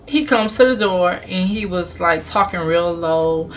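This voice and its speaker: A young adult woman telling a story on her vlog in a blunt, animated, emphatic way. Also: lowish voice, unhurried, hardly any pauses, slight background noise. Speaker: vlogger.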